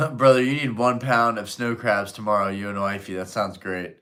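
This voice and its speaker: A young adult man hosting a live stream, chatting casually and profanely while reading chat out loud. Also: fairly low pitch, little pitch movement, normal speed.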